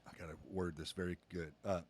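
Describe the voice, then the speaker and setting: A man's voice: low-pitched, flat delivery, quick pace, husky. Earnest man telling a story on a podcast. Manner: earnest storytelling with many restarts. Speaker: podcast host and pastor. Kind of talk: casual podcast conversation.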